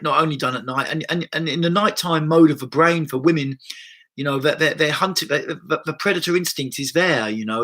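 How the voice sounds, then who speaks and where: A man's voice: on the high side, fairly bright tone. A man hosting a livestream on body-based therapy, talking casually and bluntly, swearing freely and restarting his sentences with many "you know"s.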